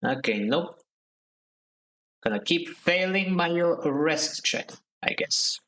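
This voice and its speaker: A man streaming a story game, reading the narration aloud and adding relaxed, joking asides. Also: fairly high pitch, slow pace, poor audio.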